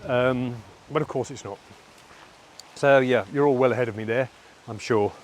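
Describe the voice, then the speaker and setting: Candid, halting middle-aged man. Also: mid-range voice, a little hiss or hum. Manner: halting, candid and self-reflective. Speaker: vlogger. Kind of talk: personal reflective monologue.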